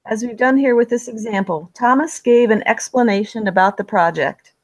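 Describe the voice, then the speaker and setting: Woman giving a measured writing lesson, dry sound. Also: fairly high pitch, no room sound, low-quality recording. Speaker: writing instructor. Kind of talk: scripted instructional narration.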